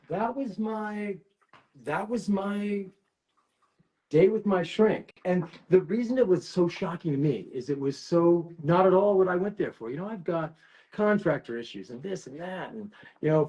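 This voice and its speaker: A man's voice: on the high side, dark tone, lo-fi sound. A man hosting a casual livestream, rambling and emotional, often restarting his sentences. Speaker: livestream host.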